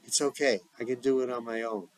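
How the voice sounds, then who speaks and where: A woman's voice: rumbling low, steady tone, brisk, a little mellow, rough recording. A man voicing a stubborn young woman recovering in a hospital bed, insistent and restless. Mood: determined.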